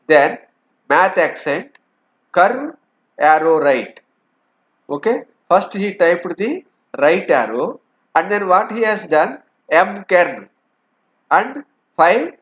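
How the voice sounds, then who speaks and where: A man teaching, explaining step by step and often saying "okay". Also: high-pitched. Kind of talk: lecture walking through a document. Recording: dull lo-fi lecture recording.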